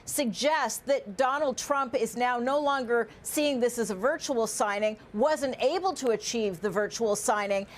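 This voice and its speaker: A woman reporter analysing diplomatic news live in a measured, explanatory way, with some fillers and restarts. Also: fairly high pitch.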